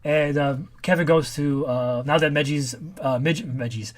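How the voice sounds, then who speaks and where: A man's voice: fairly high pitch, moderate pace, a crowd in the background. A man co-hosting a casual podcast, retelling a comic's plot step by step. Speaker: podcast co-host.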